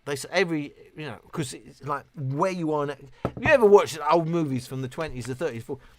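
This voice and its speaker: British bloke, late fifties, fairly high voice, rambling tipsy live-stream chatter, swears a lot. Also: male voice, brisk, noisy background. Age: 50s. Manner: chatty, rambling, swears freely, reads chat aloud. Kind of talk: casual live-stream chat reading comments.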